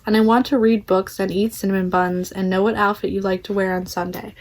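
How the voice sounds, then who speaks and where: Earnest young man in love, heartfelt, softly lowered voice, storybook read-aloud, as a woman reads him. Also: level tone, fairly quick, lightly acted. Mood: tender.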